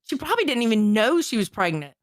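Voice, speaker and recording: A woman's voice: a little high, very animated, fast talker, no echo, studio quality. A woman co-hosting a live stream, chatting bluntly about online drama and swearing freely as she makes her points. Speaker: stream co-host. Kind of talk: casual drama-commentary chat.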